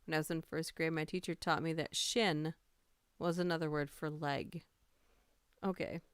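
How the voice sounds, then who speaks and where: Woman stream host, low-ish smooth voice, casual story reader. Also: fairly even intonation, normal speed, no room sound, clean studio sound. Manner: reads funny stories aloud, laughs and greets chat. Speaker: livestream host reading stories aloud. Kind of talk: casual livestream storytelling and chat.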